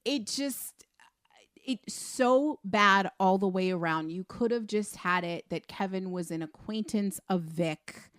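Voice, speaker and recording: A woman's voice: mid-range voice, clean tone, dry recording. Woman cohost on a film podcast, fired up and exasperated, dry mic. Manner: emphatic, exasperated, talks fast when heated. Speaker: podcast co-host. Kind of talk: casual film review chat.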